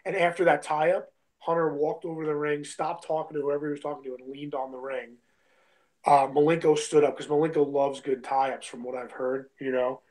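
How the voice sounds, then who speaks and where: Young man, slightly higher voice, casual storytelling, lots of "like" and "bro". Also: level tone, normal speed, a little mellow, low-quality recording. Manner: loose and chatty, heavy on "like", "bro" and "you know what I mean". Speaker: guest, independent wrestler.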